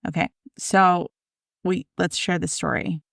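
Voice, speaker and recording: A woman hosting a spiritual podcast, telling her story in a lively, step-by-step way. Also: fairly low pitch, unhurried, gravelly, no room sound, studio quality. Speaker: podcast host. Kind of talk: casual spiritual conversation.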